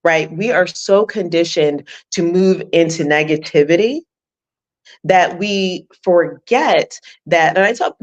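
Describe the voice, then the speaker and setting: A woman's voice: fairly low pitch, takes it slowly. A woman hosting an interview as a life coach, encouraging and reflective, speaking straight to her listeners. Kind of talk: conversational interview.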